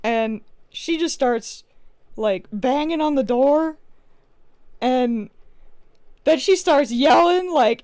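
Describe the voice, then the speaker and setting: A woman's voice: high-pitched, lively intonation, a little slow, a little mellow, no echo, studio quality. A young woman streaming a game from home, telling a rambling story in a casual, chatty way with many restarts. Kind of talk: casual livestream chat while playing a game.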